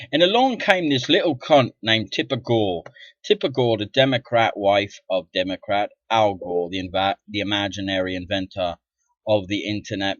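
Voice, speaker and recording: A middle-aged man vlogging an indignant, profane rant to camera, dropping to mutters and then bursting out loudly. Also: fairly low pitch, no echo. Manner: profane, indignant, swings from muttering to loud outbursts. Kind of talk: ranting monologue to camera. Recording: dull lo-fi dry sound.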